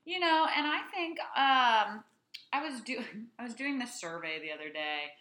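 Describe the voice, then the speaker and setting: A young woman co-hosts a casual podcast, her voice bright and sharp with a lively, bouncing pitch. She talks in an animated, chatty way, and the recording carries a roomy echo. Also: moderate pace, a little hiss or hum. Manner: animated, chatty, playful echoing of her co-host. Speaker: podcast co-host.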